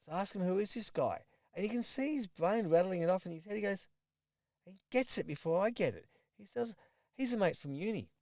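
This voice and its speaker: A man's voice: fairly high pitch, a little mellow, dry recording, studio quality. A middle-aged man, a personal trainer talking to camera and telling a client's story in a conversational way, with repeated phrases and restarts. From Australia. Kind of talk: direct-to-camera coaching talk.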